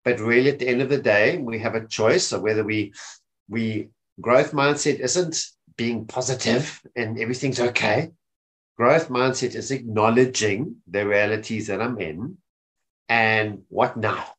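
Speaking a little slowly in a medium-pitched, slightly bright voice, this South African man gives an informal mental health talk as a webinar. He often pauses to ask his audience "okay?", and he's picked up on a webinar mic.

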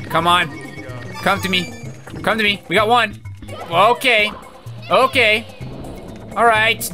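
A man commentating his own gameplay as host, frantic and yelling at the game, with game music behind him. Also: high-pitched, takes it slowly, long pauses.

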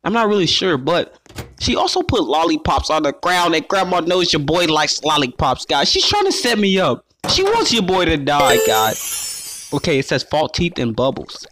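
A man giving playful let's play commentary, excitable and talking straight to his viewers as he plays. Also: a little high, normal speed, a little hiss or hum. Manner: excitable, calls himself "your boy", keeps addressing viewers as guys. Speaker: gaming YouTuber.

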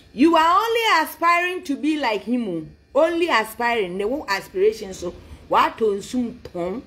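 A woman with a fairly high voice that swoops up and down with lively animation. She rants about politics in a mocking, taunting tone, slipping between English and another language and breaking into laughter. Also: measured pace. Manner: taunting, sing-song mockery with laughs; mixes English with a local language. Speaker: political commentator.

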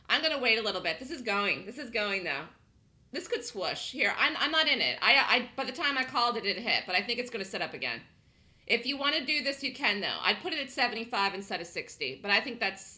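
Woman trading-room host, very bright tone, lively pitch, casual chatter with laughs. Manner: chatty, laughs often, thinks aloud. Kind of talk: live trading commentary.

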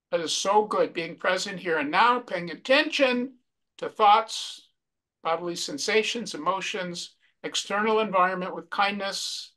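A man leads a mindfulness workshop, walking through his slides at a slow, reflective pace. His voice is bright and clear, and he comes back to key phrases again and again. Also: high-pitched. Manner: slow, repetitive, reflective delivery. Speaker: wellness workshop presenter.

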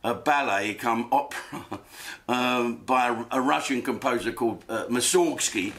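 Man, comedic rant, crude and rambling, bright, forceful. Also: mid-range voice, unhurried. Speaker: host. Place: home den.

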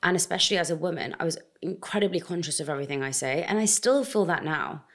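A young woman with a notably low voice, talking in a relaxed interview. She is expressive and animated, speaking with an outspoken directness. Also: quick pace. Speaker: podcast host, guest. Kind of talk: casual interview conversation.

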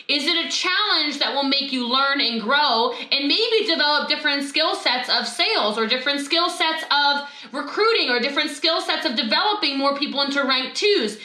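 A woman giving an animated, emphatic motivational talk over a video call, telling a story with asides. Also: sits high. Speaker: motivational speaker. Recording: roomy echo.

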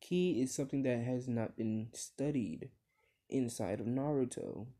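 A man's voice: mid-range voice, a little slow, mellow. A man casually retelling his own fan story, rambling with many fillers and restarts, and swearing when he slips.

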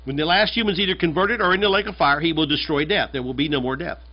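A man's voice: a little high, quick pace. A man from the United States, a pastor, preaching a conversational and emphatic sermon, often repeating his phrases. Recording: dull lo-fi sermon recording.

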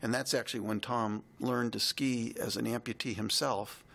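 A man co-hosting a podcast, telling a heartfelt personal story in a reflective, halting way. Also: medium pitch, steady tone, gravelly, fairly bright tone. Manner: reflective, halting, emotional retelling.

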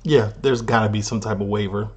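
A man with a Chicago accent hosting a reaction video, chatting casually with animated, laughing asides. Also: lowish voice, a little fast, slightly rough.

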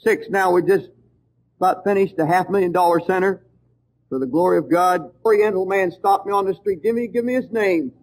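Fervent high-voiced male preacher. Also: a little fast, low-quality recording. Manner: storytelling, fervent and emphatic. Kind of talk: sermon.

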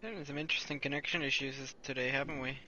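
A young man chatting over a voice call during a co-op game, laid-back and jokey, quick to apologize. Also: medium pitch, steady tone, bright, forceful tone, lo-fi sound, a little hiss or hum. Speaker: gamer playing co-op online. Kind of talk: casual gaming chat over voice call.

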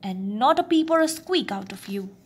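A woman voicing a kindly but nervous giantess who speaks in hushed, urgent warnings, in a storybook reading. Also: on the high side, animated, moderate pace, husky. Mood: anxious.

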